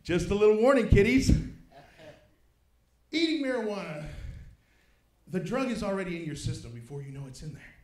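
Male stand-up comic, animated storyteller, higher voice, echoey club mic. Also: moderate pace, long pauses. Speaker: stand-up comedian. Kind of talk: stand-up routine.

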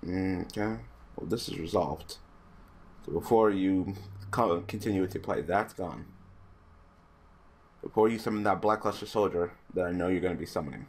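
A man's voice: low voice, normal speed, pauses often, darkish tone, a little hiss or hum. Laid-back mumbling man playing card games. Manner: laid-back mumbling, swears, gets exasperated at opponent. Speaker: gaming YouTuber. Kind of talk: casual commentary over an online card game.

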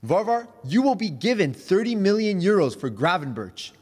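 A man hosting a casual auction game, announcing each bid in a steady auctioneer cadence. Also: high-pitched, moderate pace, long reverb tail. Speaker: auctioneer host. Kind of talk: casual group chat.

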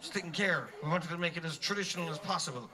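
A man's voice: on the high side, fast talker, a little hiss or hum. A man fronting a band, telling a comic story on an outdoor stage, scatting tunes as he goes. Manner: animated, comic, scats tunes mid-story.

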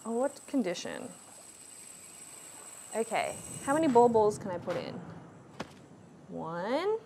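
A woman's voice: medium pitch, huge pitch swings, slow, creaky, mellow. A woman gives casual, jumpy let's-play commentary and talks to herself as she plays a VR game. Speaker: VR gamer. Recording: noisy, game sounds mixed in.

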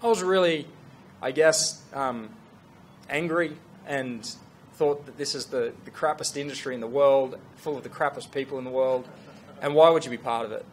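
A middle-aged man tells a story to an audience, earnest and animated, with frequent restarts. His voice sits in a middle register. A faint hum runs underneath. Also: mid-range voice, moderate pace. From Australia. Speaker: fashion brand founder.

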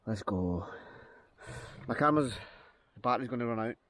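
A man from Scotland vlogs to camera in a forest, thinking aloud in a chatty, upbeat way. He speaks at normal speed in an animated, mid-range voice that's a bit bright.

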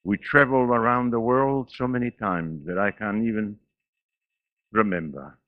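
A man in his eighties with a foreign accent, preaching a sermon in church with laughs and sudden swings between loud and quiet. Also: on the low side, steady tone, moderate pace, dry recording, narrow, tinny audio. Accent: non-native English. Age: 80s. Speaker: pastor.

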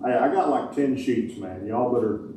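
A male pastor with a mid-range voice preaches a sermon in a large church sanctuary, animated and at normal speed, folksy and joking, with casual grammar. The recording is echoey, from a distant mic, with background noise.

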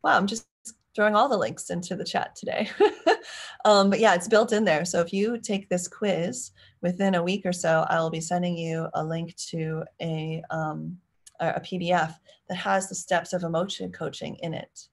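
Woman, thirties, parenting coach, low voice, gravelly, chatty live stream. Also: fairly even intonation, normal speed. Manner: chatty and warm, acts out parent and child lines.

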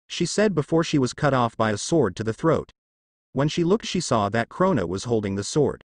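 A man narrating a fan fiction story in a lively storybook manner. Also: medium pitch, moderate pace, no room sound, clean studio sound.

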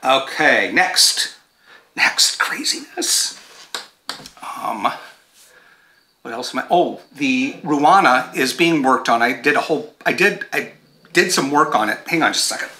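Chatty man with a very bright voice. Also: mid-range voice, animated, normal speed, echoey room. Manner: chatty and digressive, breaks off to talk to his dogs. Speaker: knitting show host. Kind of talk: casual chat to camera. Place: home with dogs around.

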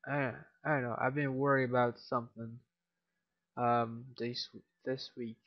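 A tired teenage boy talks over his shooter gameplay in a gravelly, mid-pitched voice, mumbling and swearing as he goes. The lo-fi mic makes him sound dull. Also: level tone, a little slow. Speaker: gameplay commentator. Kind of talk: casual game commentary.

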